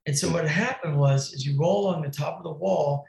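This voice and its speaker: A man's voice: on the high side, fairly quick, creaky, darkish tone, echoey room, poor audio. A man telling a wild crash story in casual, profane slang, calling the listener bro and dude. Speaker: podcast guest, BMX rider.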